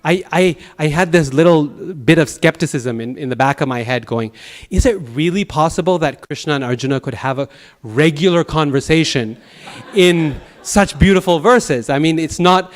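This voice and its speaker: A man teaching a Sanskrit class at a temple, telling anecdotes in an animated way with chuckles and restarts. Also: a little high. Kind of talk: lecture with anecdotes.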